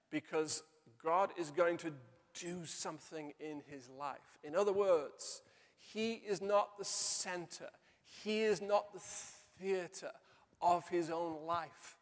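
A middle-aged male pastor preaching a sermon, telling stories and slowing down to stress key phrases. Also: sits high. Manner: storytelling with slow emphatic pauses. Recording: long hall reverb.

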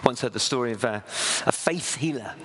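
A man preaching a sermon in a conversational, storytelling way, often pausing and restarting. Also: medium pitch, slight background noise. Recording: long echo of a hall.

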